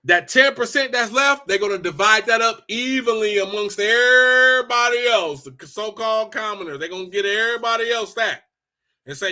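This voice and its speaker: A man from Los Angeles with a high, sharp voice holds forth in a casual rant. He is blunt and profane, and he repeats himself for emphasis. His tone is animated and forceful throughout. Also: moderate pace. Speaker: commentator.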